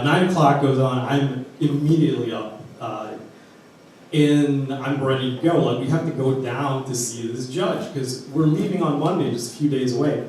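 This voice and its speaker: A man from Arizona casually telling an animated personal story and acting out the people in it. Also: medium pitch, heavy reverb, distant mic, slight background noise, poor audio. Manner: casual, animated, acts out quotes.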